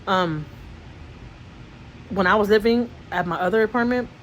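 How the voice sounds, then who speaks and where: Woman vlogger, mid-pitched, casual talk to camera, rambling and heartfelt, stumbles and restarts often, faint background hiss. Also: normal speed, low-quality recording. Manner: rambling, with many restarts and repeated words; emotional storytelling.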